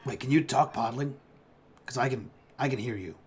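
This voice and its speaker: A man playing a tabletop game, talking quickly and joking. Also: medium pitch, a little hiss or hum. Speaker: player. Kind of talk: casual tabletop play.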